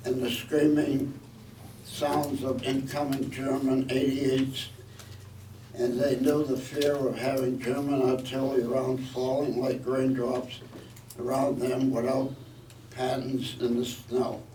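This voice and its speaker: A man's voice: medium pitch, flat delivery, slow, dark tone. A man in his eighties giving a plainspoken, reminiscing speech as a veteran. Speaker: veteran speaker. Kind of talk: public speech. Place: museum event hall. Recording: echoey hall, distant mic, background noise.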